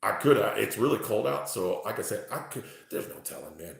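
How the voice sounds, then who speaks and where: A man reading tarot live for his chat from home, talking excitably, swearing freely and exclaiming. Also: fairly low pitch, a little fast, gravelly. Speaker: tarot reader livestreaming to chat. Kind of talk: casual live-stream chat. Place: at home, indoors. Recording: very echoey room.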